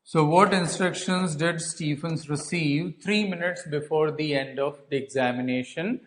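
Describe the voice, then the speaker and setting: In a low-quality recording, a man with an Indian English accent teaches a class at a measured pace, his voice fairly high. He explains a textbook story to students by posing questions and answering them himself, restating points and filling gaps with "uh" and "so."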